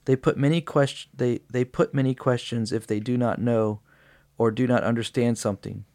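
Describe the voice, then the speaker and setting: A man's voice: mid-range voice, fairly even intonation, moderate pace, darkish tone. Male podcast co-host, casual read-aloud, stumbling and giggly. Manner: giggly, breaks into helpless laughter while reading.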